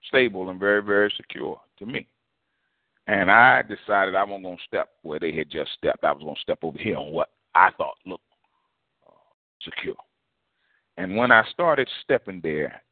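A man preaching a folksy storytelling sermon, addressed as apostle, animated and full of vivid asides. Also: on the low side, no room sound. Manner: animated, folksy, quotes others in lively voices. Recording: tinny phone-like dry sound.

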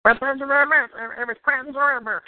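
A man doing a voice for a timid, childlike talking meatball, high and squeaky, slow and innocent, over a phone line. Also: fairly even intonation, no room sound. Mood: polite. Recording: dry tinny phone line.

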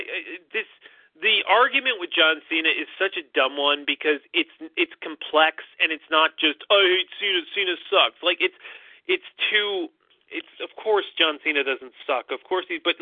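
A man's voice: sits high, no room sound. A man co-hosting a podcast, chatting casually and rambling with exasperated swearing. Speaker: podcast co-host. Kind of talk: casual wrestling chat. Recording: dry, phone-like narrow sound.

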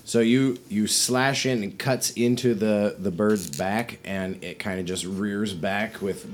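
A man narrating as game master in a tabletop game, relaxed and rambling. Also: lowish voice, slow.

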